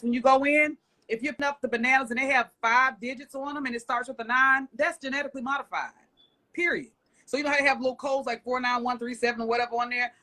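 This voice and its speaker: Bright, blunt woman chatting animatedly. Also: sits high, fast. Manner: animated, rambling, blunt with casual swearing. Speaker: guest, urban farming business owner. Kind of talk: casual chat.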